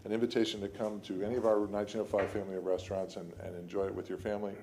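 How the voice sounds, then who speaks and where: A man's voice: lowish voice, level tone, very fast, mellow, a little hiss or hum. A man representing a restaurant group speaks plainly and earnestly during public comment in a council chamber.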